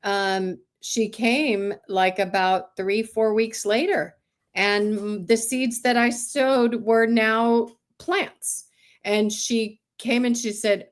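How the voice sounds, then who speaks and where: With a fairly high voice and a slow, unhurried delivery, a California-raised woman of Greek heritage shares stories as a farmer guest in a casual interview. She's animated, acting out each person she quotes.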